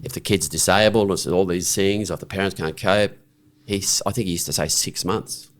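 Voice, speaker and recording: A low, steady voice at normal speed comes from a middle-aged Australian man guesting on a podcast. His conversational storytelling is blunt and frank, with restarts and a tendency to ask "right?".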